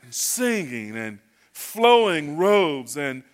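A man's voice: on the high side, big pitch swings, takes it slowly. A man from North Carolina preaching as a guest pastor, telling funny stories in a folksy, chatty way. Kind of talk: sermon with humorous storytelling. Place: church.

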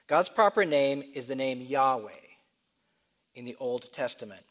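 Pastor type, man, mid-pitched, steady teaching delivery that spells things out and asks then answers. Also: measured pace. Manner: explanatory, spells out letters, asks and answers questions. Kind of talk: sermon teaching.

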